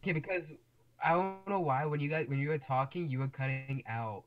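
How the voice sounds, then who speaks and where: A man's voice: on the high side, a little fast, highs cut off, soft background music. A man co-hosting a casual online podcast, talking hesitantly with stumbling restarts. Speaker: podcast co-host. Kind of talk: casual chat.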